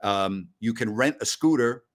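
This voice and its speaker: A man's voice: mid-range voice, measured pace. A middle-aged man hosting a sports talk stream, chatting casually in a rambling, blustery way. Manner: rambling, blustery, breaks into loud mock rants. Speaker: sports talk show host. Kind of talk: casual live-stream chat.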